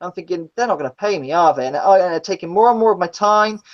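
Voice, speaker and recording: A woman tells gritty stories in casual chat. She is blunt and swears freely, and she acts out the people she describes with a very lively pitch. The stream audio sounds dull and lo-fi. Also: quick pace. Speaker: guest, former taxi driver. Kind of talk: casual storytelling in a live chat.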